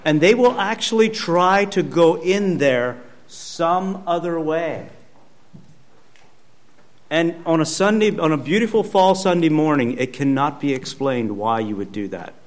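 A man's voice: a little high, lively intonation, measured pace. Man preaching a conversational sermon. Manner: conversational, emphatic repetition. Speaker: pastor. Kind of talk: sermon teaching.

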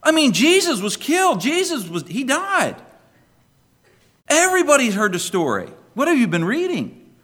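A man's voice: extremely high pitch, huge pitch swings, normal speed, a bit bright, long reverb tail, pitched above the performer's own voice, full character voice. A preacher voicing a male disciple who is amazed that a stranger has not heard the news, firing off disbelieving questions. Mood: incredulous. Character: incredulous male disciple on the road.

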